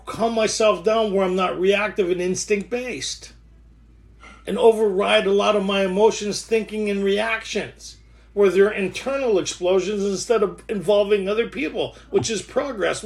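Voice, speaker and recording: A man in his thirties sharing his recovery story in a rough, joking way, with many restarts. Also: high-pitched, moderate pace. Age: 30s. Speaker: recovery workshop speaker. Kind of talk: candid recovery share.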